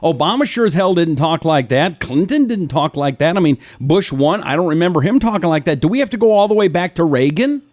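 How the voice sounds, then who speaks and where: A man's voice: on the high side, lively intonation, a little fast, hardly any pauses, a little mellow, no room sound, studio quality. A man hosting a live talk show, chatty and sarcastic, reading out listener names between opinions. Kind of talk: casual live call-in talk.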